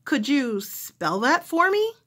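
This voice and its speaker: A woman's voice: high voice, sing-song, slow, a bit bright, pitched above the performer's own voice, heavily acted. A woman voicing a curious caller who keeps asking questions over the phone. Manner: questioning, prying.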